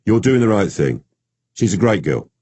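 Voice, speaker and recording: A man's voice: lowish voice, big pitch swings, moderate pace, dark tone, husky, dry recording, voice pushed up. A man doing a wry Geordie detective. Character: male detective, steady and wry.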